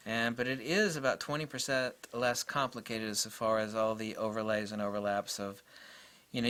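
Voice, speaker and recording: A man's voice: on the low side, fairly bright tone. A man giving a rambling, enthusiastic camera review in a casual way, full of fillers and restarts.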